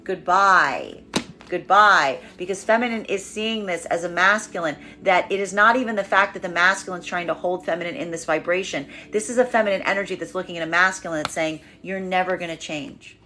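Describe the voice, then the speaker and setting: Speaking fast with few pauses, this woman has a lowish, sharp-toned voice, with slight background noise in the recording. She's a tarot reader doing a collective reading, emphatically repeating herself as she acts out the messages of the energies.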